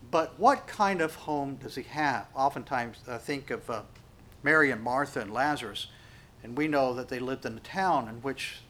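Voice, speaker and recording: A man's voice: medium pitch, fairly bright tone. A male pastor preaching a sermon, stressing key words and asking rhetorical questions. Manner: rising and falling emphasis, rhetorical questions.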